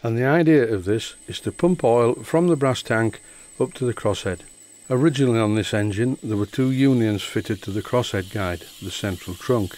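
A middle-aged man from the north of England, calmly and methodically narrating a model engine rebuild. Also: medium pitch. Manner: calm, methodical explaining. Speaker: model engineering channel host. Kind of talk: workshop voice-over narration.

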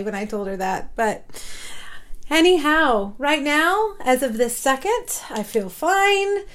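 A middle-aged woman hosting a crafting live stream on her phone, chatting casually, laughing and sounding a bit frazzled. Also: on the high side. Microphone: phone camera.

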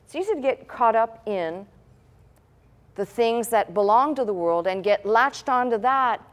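A woman's voice: a little high, animated, measured pace. A woman pastor delivering a sermon in a conversational style, with rhetorical questions and asides.

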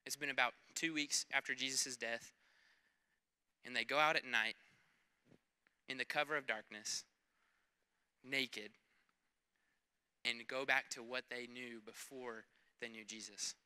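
A man's voice: mid-range voice, fairly even intonation, unhurried, pauses often, sharp tone, smooth. A man, preaching a sermon as pastor in a playful, conversational way. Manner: playful, conversational, acts out quoted voices.

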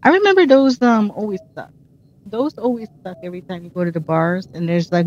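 A woman's voice: lowish voice, fairly quick, darkish tone, dull audio. A woman giving casual, self-mocking commentary while she plays a video game, reacting aloud to what happens on screen. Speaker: gameplay streamer. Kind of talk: casual let's-play commentary.

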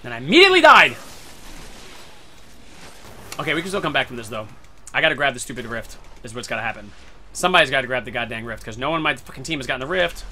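A man giving excitable gameplay commentary who swears a lot and breaks into sudden shouts. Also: medium pitch, rapid-fire, a little hiss or hum. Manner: talks to himself and his teammates. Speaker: gaming video creator.

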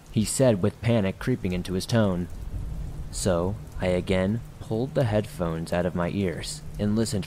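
Male horror narrator, low voice, steady reading, faint rain behind. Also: slight background noise, rough recording. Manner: steady, measured storytelling.

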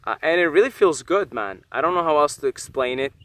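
A young man muses aloud in a casual monologue, his voice bright and a touch higher than most men's. He swears freely and restarts his sentences often. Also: a little fast. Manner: animated, swearing, musing aloud with many restarts. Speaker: vlogger.

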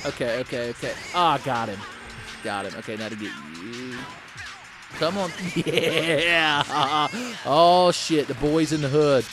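A man's voice: on the high side, lively intonation, unhurried, soft background music. A man hosting a late-night gaming show, giving profane, sarcastic let's-play commentary, a bit tipsy from drinking. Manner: profane, sarcastic, bursts into yelling.

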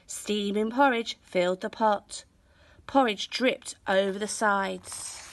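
A woman reading a children's picture book aloud in an expressive, storytelling manner. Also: medium pitch, takes it slowly, no room sound. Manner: expressive, sing-song storytelling. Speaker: storybook reader.

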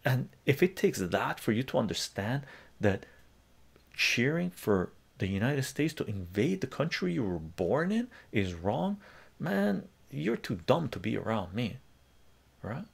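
A man's voice: medium pitch, very animated, unhurried, vocal fry, slightly rough. A male live stream host telling a story in a heated, profane rant during a casual chat.

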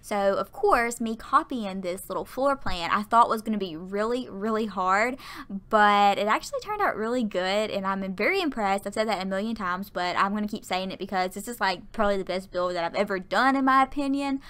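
Woman, casual game voiceover, chatty, rambling, trips over words, medium pitch. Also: animated, brisk, fairly bright tone. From American South. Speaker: Sims YouTuber. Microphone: home voiceover mic.

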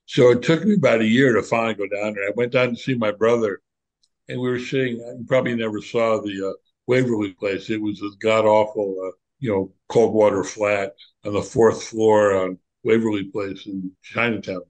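An older man, a former monk, reminiscing in a relaxed, candid conversation and telling animated stories. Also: lowish voice, moderate pace, rough recording. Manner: animated storyteller, candid and reflective.

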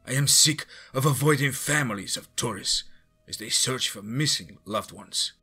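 A man voicing a tired man with a thick Slavic accent who speaks slowly. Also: fairly low pitch, expressive, bright, forceful tone, breathy edge, soft background music, full character voice. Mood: weary.

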